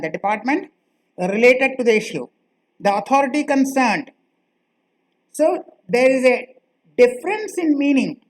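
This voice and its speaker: A woman teaching a grammar lesson, speaking slowly and repeating key phrases for her students. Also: medium pitch, rough recording. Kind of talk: classroom lecture.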